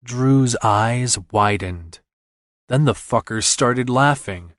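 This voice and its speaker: A man's voice: mid-range voice, slow, a bit bright, dry recording, studio quality. A man reading a romance novel aloud in first person, intimate and earnest. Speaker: audiobook narrator.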